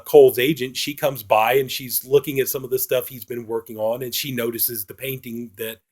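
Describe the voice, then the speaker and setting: A man's voice: medium pitch, darkish tone. A man reviewing a film in a casual, rambling retelling, full of fillers.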